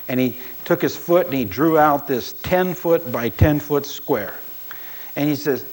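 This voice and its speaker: A man's voice: mid-range voice, measured pace, a little mellow, low-quality recording. A man preaching a sermon as a pastor, telling stories and acting out quoted voices with emphasis.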